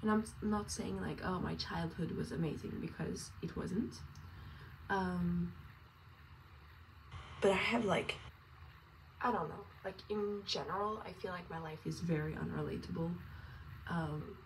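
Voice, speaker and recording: A woman's voice: on the low side, fairly even intonation, a little slow, long pauses, slight background noise. A young woman vlogging while getting ready, rambling with lots of fillers and little laughs. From France and Norway. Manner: rambling, filler-heavy, self-amused. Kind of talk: get-ready-with-me chat. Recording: distant mic with faint ambience.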